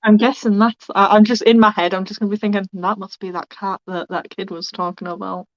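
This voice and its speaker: A woman's voice: medium pitch, flat delivery, brisk, no echo, highs cut off. A woman playing a tabletop game, thinking aloud in a casual, rambling way. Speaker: player.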